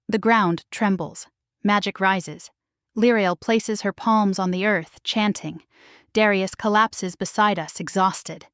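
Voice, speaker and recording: A woman's voice: mid-range voice, fairly even intonation, slow pace, a bit bright, dry recording, studio quality. A woman narrating a first-person romance audiobook in a dramatic, intimate storytelling manner.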